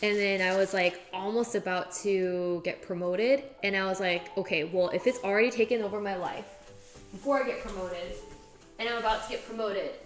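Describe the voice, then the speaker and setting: A woman's voice: mid-range voice, fairly even intonation, normal speed, faint music behind. A young adult woman streaming as she cooks in her home kitchen, chatting casually and rambling with lots of "like" fillers. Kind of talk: casual chat while cooking.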